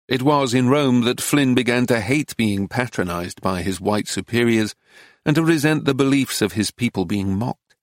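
A man narrating a memoir as an audiobook in a calm, even, literary storytelling manner. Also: mid-range voice, moderate pace, dry recording, clean studio sound.

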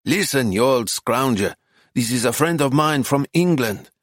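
A man's voice: mid-range voice, lively intonation, normal speed, dry recording, clean studio sound, natural voice. A man voicing a blunt, teasing middle-aged storekeeper with a brusque, jokey manner.

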